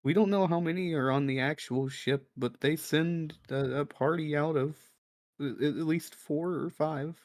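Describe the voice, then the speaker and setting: A jittery village leader stumbles over his words and repeats himself as he asks for help, as a man plays him. The voice sits a little high. The sound is dry and close. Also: a little slow, dry recording. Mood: nervous. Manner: stammering, hesitant. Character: nervous stammering male village leader.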